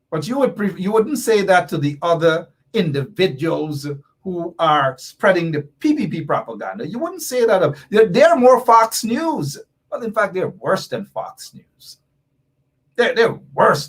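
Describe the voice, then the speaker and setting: On his political talk show, a Guyanese host reads viewer comments aloud and answers them, hammering his points with emphasis and repetition. He speaks in a highish voice that's a bit bright and husky.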